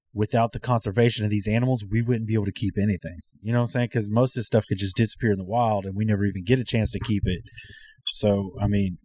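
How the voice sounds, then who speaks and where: Husky-voiced man, emphatic podcast chat. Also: on the low side, a little mellow. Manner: emphatic, swears casually.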